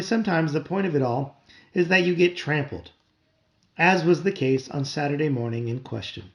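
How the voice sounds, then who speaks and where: A man reading a children's novel aloud to his child at home, with wry, expressive storytelling. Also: a little high, vocal fry.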